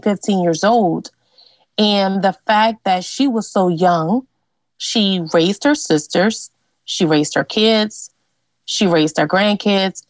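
This Louisiana genealogist, being interviewed, shares an earnest, lively account of her family and forebears, dotted with filler words. Her voice sits in the mid-range. The audio is poor, though there's no echo.

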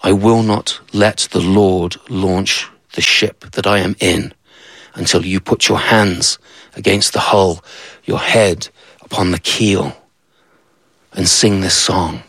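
Solemn dying tree spirit in a spoken folktale, slow and low, dry recording, put on by a male storyteller. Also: steady tone, a bit bright, dry recording, heavily acted. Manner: slow, low, measured pronouncements.

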